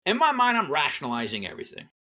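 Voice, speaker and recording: Man, middle-aged, casual storytelling, fairly high pitch, animated, acts out dialogue. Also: very fast. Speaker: guest, Army veteran.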